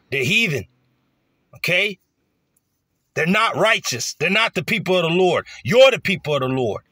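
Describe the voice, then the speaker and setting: Man, fiery profane sermon, bright tense voice, acts out voices, dry close sound. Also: fairly high pitch, dry recording. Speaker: street preacher. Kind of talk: profane scripture preaching.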